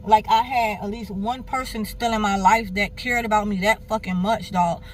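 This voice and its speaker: A woman's voice: mid-range voice, normal speed. Candid woman telling a personal story. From Miami, Florida. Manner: animated, candid, swears freely, keeps addressing viewers. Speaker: vlogger.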